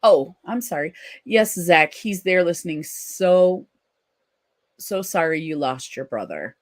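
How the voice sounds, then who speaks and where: A live-stream host with a mid-range voice reads viewer comments aloud during a casual chat. She answers slowly and gently, sounding animated and supportive, with plenty of ums and restarts.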